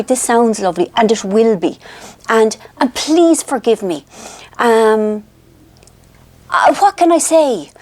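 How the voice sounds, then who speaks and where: A woman with an Irish accent chatting to her viewers, an animated, self-deprecating storyteller. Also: a little high, dry recording. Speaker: vlogger. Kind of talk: casual chat to viewers.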